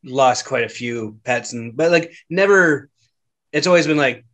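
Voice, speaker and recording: A man's voice: mid-range voice, measured pace, a bit bright. Laid-back man hosting a chat. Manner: loose, laughing, filler-heavy talk. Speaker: podcast host. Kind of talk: casual chat.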